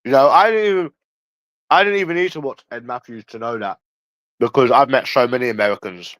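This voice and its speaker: A man's voice: mid-range voice, fairly quick, a bit bright, dry recording, poor audio. A man ranting casually on a livestream, blunt and profane, talking straight to a viewer in chat. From England. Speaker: livestream host.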